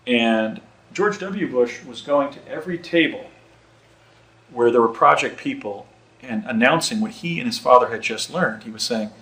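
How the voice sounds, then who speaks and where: A middle-aged man tells his own story in a casual, halting way. He stumbles and repeats words as he remembers, and his voice sits at an ordinary pitch. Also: lively intonation, pushed and bright, rough recording. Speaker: eyewitness telling his story.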